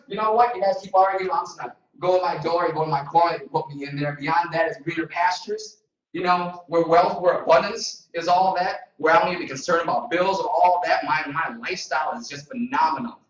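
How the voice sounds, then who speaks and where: A man giving an energetic, repetitive motivational seminar talk to a group in a meeting room. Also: high-pitched. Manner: energetic, repetitive, preacher-like emphasis. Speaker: motivational trainer. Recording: echoey room, distant mic.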